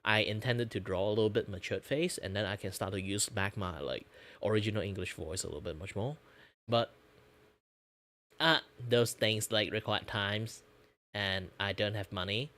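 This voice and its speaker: A man chatting casually on his stream in his relaxed, lower natural register, rambling with lots of fillers. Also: moderate pace. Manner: rambling, filler-heavy, frequent laughs. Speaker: VTuber streamer and artist.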